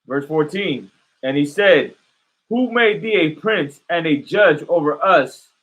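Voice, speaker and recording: A man reading scripture aloud at a steady, measured pace during a sermon. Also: fairly high pitch, rough recording. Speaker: scripture reader.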